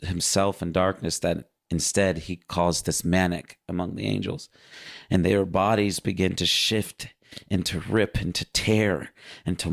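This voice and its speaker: Brief: low creaky male voice, earnest storyteller, dry close sound. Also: no echo. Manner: earnest, vivid storytelling with fillers. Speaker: guest recounting a vision. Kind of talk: casual spoken testimony.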